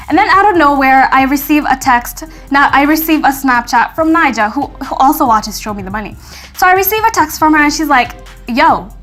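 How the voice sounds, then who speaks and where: Chatty high-voiced young woman storyteller. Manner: chatty, animated, acts out quotes, frequent "like". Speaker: YouTuber telling a story. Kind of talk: casual storytime.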